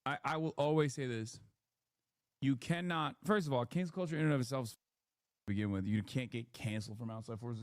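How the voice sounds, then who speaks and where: A man's voice: mid-range voice, a little mellow, dry recording, studio quality. A man streaming live, ranting in a blunt, opinionated and profane way. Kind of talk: casual live commentary rant.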